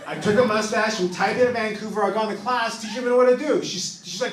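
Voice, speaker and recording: A man's voice: high voice, steady tone, reverberant, far from the mic, slight background noise. A man doing a stand-up comedy set in a small club, telling stories and briefly voicing the people in them. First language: not English. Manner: storytelling, acts out characters in quick bursts. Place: small improv club stage, live audience.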